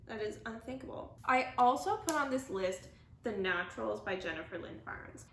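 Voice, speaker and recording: A woman with a slightly high voice chats casually to camera as a book vlogger. She rambles and gushes, packing her talk with filler words and quick self-corrections. Her voice bounces around a roomy space, with a faint hiss underneath. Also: very animated, fairly bright tone. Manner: enthusiastic and gushing. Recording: roomy, echoey room.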